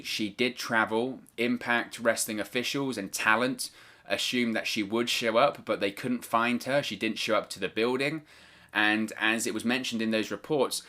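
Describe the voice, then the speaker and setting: A man's voice: lowish voice, bright, forceful tone. A man giving solo wrestling news commentary as a vlogger, talking hesitantly and repeating words as he chooses them carefully.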